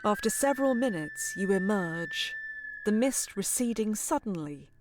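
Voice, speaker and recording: A woman giving scripted, even narration for a video game. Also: medium pitch, measured pace, soft background music, lightly acted. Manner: even, descriptive storytelling.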